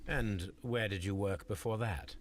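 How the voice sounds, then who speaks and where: A man voicing a composed detective in a mystery game, speaking in a measured, matter-of-fact way. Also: on the low side, crowd noise, close to an everyday voice. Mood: calm.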